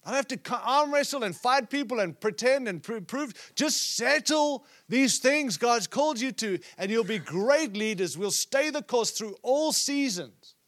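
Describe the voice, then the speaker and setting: A man preaching a sermon at a conference, acting out scripture quotes and dropping to a hush at times. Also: very high voice, lively intonation, normal speed, few pauses. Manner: preaching with sudden drops to a hushed voice; acts out quoted speech from scripture stories. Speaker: conference speaker. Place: conference hall.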